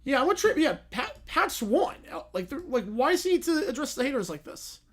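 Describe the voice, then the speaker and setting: Lively young man chatting on stream. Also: very high-pitched. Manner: chatty, quick reactions, frequent restarts and "yeah"s. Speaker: livestream host reading chat. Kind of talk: casual livestream chat answering viewer questions.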